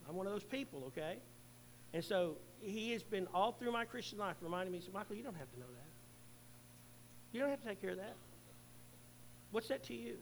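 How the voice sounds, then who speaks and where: A middle-aged male pastor preaching a sermon, earnestly, swelling loud and then dropping to a hush. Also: sits high, a little hiss or hum, rough recording.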